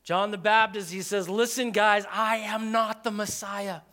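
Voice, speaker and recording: A man preaching a sermon in a conversational, animated way, acting out quoted voices. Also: high-pitched, measured pace. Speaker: pastor.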